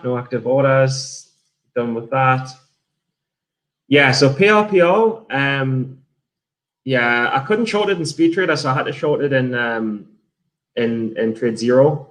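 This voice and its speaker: An English man with an English accent, a day trader streamer, chats casually on a livestream about his trades and reads out viewer messages. His voice is medium-pitched and a bit bright. He rambles, swears freely, and often restarts his sentences.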